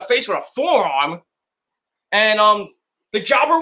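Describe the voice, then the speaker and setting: A man's voice: high-pitched, sing-song, a little slow, pauses often, sharp tone. A man recapping and rating a wrestling show in a rambling, casual vlog, full of crude jokes and swearing.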